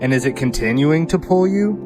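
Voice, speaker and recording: A man reading the part of a woman hypnotist who calmly asks questions during a regression session. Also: fairly high pitch, fairly quick, voice pushed up, lightly acted. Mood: questioning. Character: calm woman hypnotist asking gentle questions. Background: loud guitar music.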